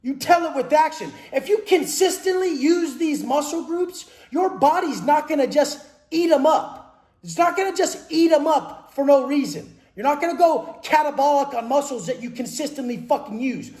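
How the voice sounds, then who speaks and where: Brief: high-pitched male coach, aggressive profane monologue, roomy echoey space. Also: normal speed, darkish tone. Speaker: fitness and mindset coach. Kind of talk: blunt profane monologue about prison life. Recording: roomy echo.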